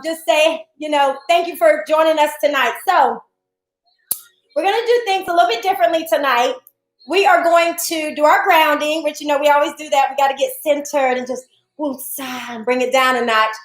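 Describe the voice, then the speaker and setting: A woman's voice: sits high, reverberant, low-quality recording. A woman hosting a livestreamed beauty and self-love show, bubbly and a little winded, greeting viewers by name with frequent laughs. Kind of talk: casual livestream chat. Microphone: device streaming to social media.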